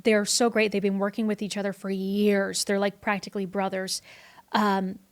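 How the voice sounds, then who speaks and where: A young adult woman, a guest in a casual interview, telling stories in a chatty, animated way. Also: medium pitch, moderate pace. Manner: animated, chatty, often breaks into laughs. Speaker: guest, horror host and vintage performer.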